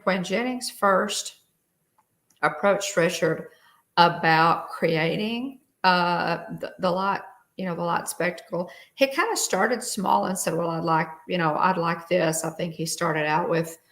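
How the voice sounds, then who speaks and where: A woman's voice: on the low side, slow, fairly bright tone. A woman hosting a casual livestream, reading out trivia and greeting viewers by name. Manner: chatty, reads trivia aloud and greets viewers. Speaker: livestream host.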